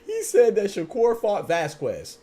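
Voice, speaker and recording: A man's voice: sits high, wildly swooping pitch, unhurried, very noisy. A man hosting a boxing podcast livestream, talking casually and answering viewer chat in slangy speech. He often repeats words while he thinks.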